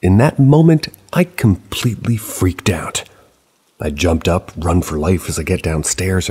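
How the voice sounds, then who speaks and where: Gravelly, very deep male storyteller. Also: a little mellow. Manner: casual, conversational retelling with asides. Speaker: narrator of paranormal stories. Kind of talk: first-person storytelling narration.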